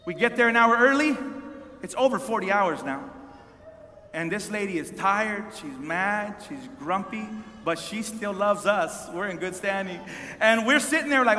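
A man's voice: sits high, expressive, normal speed, pushed and bright. A man preaching a sermon, telling a story animatedly to an audience in a large hall, often repeating words. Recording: reverberant hall.

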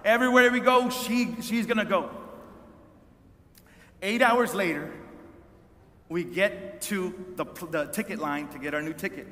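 A man's voice: sits high, unhurried, long pauses, bright, forceful tone. A man preaching a sermon, telling a story animatedly to an audience in a large hall, often repeating words. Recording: reverberant hall.

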